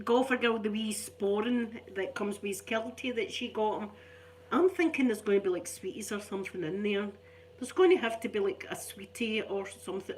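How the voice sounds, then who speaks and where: A woman's voice: mid-range voice, a little hiss or hum. A middle-aged woman with a Scottish accent, rambling in casual chat as an ASMR channel host, chatty and self-mocking. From Scotland.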